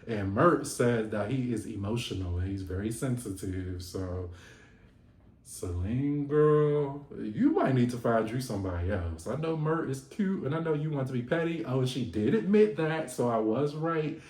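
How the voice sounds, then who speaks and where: A man hosting a casual reality TV recap vlog, animated and sassy, laughing and swearing often. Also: mid-range voice, normal speed. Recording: echoey room.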